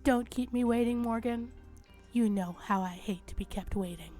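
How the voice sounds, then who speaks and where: A woman voicing a smug, teasing male fae with a smooth, cultured voice, reading game dialogue aloud. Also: fairly high pitch, mellow, faint music behind, close to an everyday voice. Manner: teasing, drawn-out and amused.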